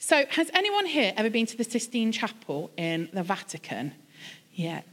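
Lively woman pastor preaching. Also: a little high, moderate pace. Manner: lively, chatty storytelling with self-deprecating humor. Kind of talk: sermon.

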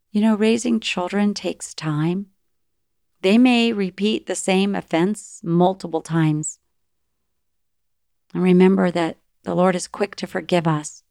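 Middle-aged woman, earnest Christian parenting speaker, voice sits a little low, dry close recording. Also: steady tone, unhurried, dark tone, no echo. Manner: earnest and encouraging, often acting out what parents and children say. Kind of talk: faith-based parenting talk.

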